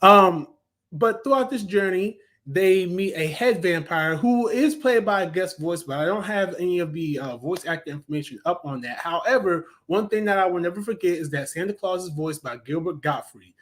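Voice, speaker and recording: A man's voice: high-pitched, lively intonation, normal speed, fairly bright tone. A man giving a casual, rambling review of a cartoon, enthusiastic and full of ums and restarts.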